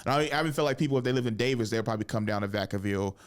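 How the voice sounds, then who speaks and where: A comedian in his thirties hosts a podcast from a studio, talking in a rapid-fire, lowish voice. His casual delivery is rambling, profane, and animated.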